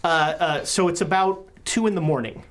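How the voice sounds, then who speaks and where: A woman's voice: lowish voice, normal speed. A woman running a tabletop horror game as game master, chatty and full of joking asides.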